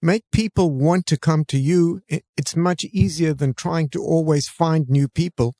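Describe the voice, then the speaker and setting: A man with a real Southern US accent, co-hosting a real estate podcast in a relaxed, easygoing chat with dry jokes. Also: on the high side, moderate pace, dry recording. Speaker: podcast co-host. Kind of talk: casual chat.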